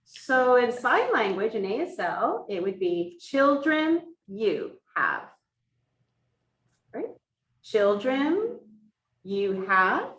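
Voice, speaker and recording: A woman's voice: on the high side, very animated, very slow, long pauses, fairly bright tone. A woman interpreting for a teacher, voicing a sign language lesson in the first person and explaining each point step by step. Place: classroom for a hybrid in-person and online class. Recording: echoey room from far off.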